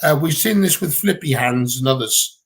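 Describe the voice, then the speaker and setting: A man's voice: medium pitch, expressive, normal speed, slightly rough. A man with a Gibraltarian accent, chatting bluntly and casually on a livestream Q&A from home, swearing freely. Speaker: livestream co-host.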